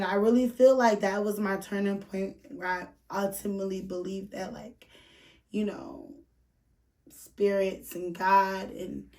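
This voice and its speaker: A woman's voice: mid-range voice, a little mellow, recorded from a distance. A woman hosting a podcast, telling a personal story in a candid, profane way full of filler words. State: emotional, near tears at moments. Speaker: podcast host. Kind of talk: casual storytelling.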